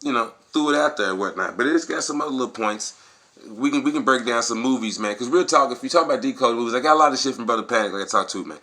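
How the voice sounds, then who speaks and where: Bright-voiced man in a rambling, profane monologue. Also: medium pitch. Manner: profane, rambling, with animated acted-out quotes. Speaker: video blogger. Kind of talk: casual opinion monologue.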